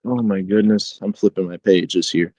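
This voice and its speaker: Low-voiced man casually reading book passages. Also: fairly even intonation, normal speed, a little mellow, no echo, low-quality recording. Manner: conversational, many fillers, reads quotes with light dramatic emphasis. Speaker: podcast co-host.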